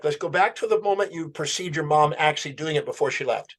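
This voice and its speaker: Animated man retelling a client session. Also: a little high, brisk. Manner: animated storyteller, quoting a client's answers. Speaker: guest. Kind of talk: storytelling in a podcast interview.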